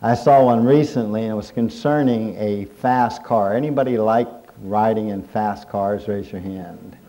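A man's voice: lowish voice, moderate pace, warm tone. A middle-aged man preaching a humorous sermon, telling folksy stories and jokes as he talks. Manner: folksy storytelling with jokes and chuckles. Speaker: pastor.

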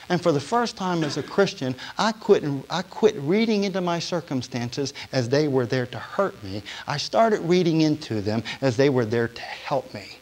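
A man giving a sermon testimony to a congregation, telling his story in a storytelling way that drops to a hush and then rises to emphasis. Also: fairly high pitch, lively intonation, moderate pace, few pauses. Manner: storytelling, swinging from hushed to emphatic.

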